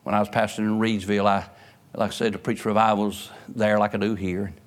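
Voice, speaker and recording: A man's voice: fairly low pitch, flat delivery, brisk. Preacher guy, folksy storytelling sermon, voice climbs when he hits a point. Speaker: pastor.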